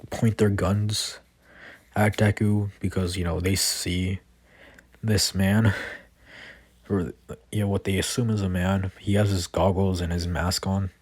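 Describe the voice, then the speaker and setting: A man improvising a fan-fiction story in a rambling, hesitant way, with constant fillers and restarts. His voice is deep and slightly husky, and he takes his time. The recording is close and dry. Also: darkish tone, no room sound.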